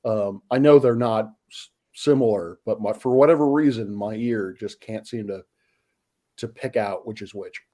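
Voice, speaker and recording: A man's voice: lowish voice, normal speed, mellow. A man from the United States chatting casually as a stream guest, hesitant, with stammering restarts. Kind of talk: casual chat.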